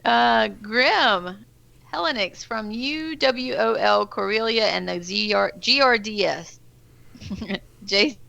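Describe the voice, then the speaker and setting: A woman's voice: on the high side, creaky, pushed and bright, no room sound, lo-fi sound. A woman co-hosting a casual game live stream, giggly as she reads out names. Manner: giggly, reading names out slowly.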